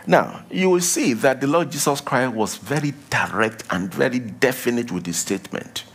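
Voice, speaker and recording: A male preacher delivering a sermon, emphatic, repeating key lines and dropping to a low hush for warnings. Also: lively intonation, normal speed, slightly rough.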